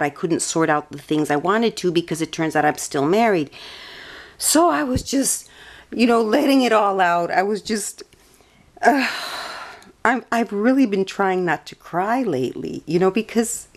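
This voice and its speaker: A woman telling a rambling personal story in a soft voice, meandering, correcting herself and often laughing. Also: lowish voice, a little slow. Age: adult. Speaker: vlogger.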